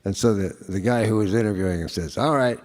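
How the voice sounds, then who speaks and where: A man's voice: deep voice, quick pace, warm tone. A middle-aged man, a singer-songwriter, telling a rambling, chuckling story between songs in a concert hall. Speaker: singer-songwriter performing live. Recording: live concert with guitar.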